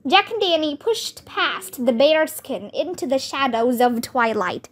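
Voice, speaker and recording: A woman reading a children's chapter book aloud in a steady, clear storytelling way. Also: high voice, unhurried. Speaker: read-aloud narrator.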